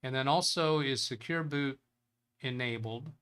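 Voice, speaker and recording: Bright-voiced man rambling on a tech livestream. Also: medium pitch, unhurried, smooth. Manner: thinks aloud, rambling, chuckles at chat. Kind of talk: casual live tech show, reading chat.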